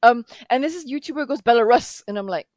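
A woman's voice: sits high, expressive, fast talker, dry recording. A woman from the Balkans in casual podcast chat, telling stories animatedly and slipping into put-on voices.

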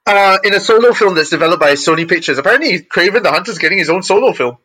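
Bright high-voiced guy, really animated, casual chat about movie news. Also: racing, low-quality recording. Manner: animated, newsy, chatty.

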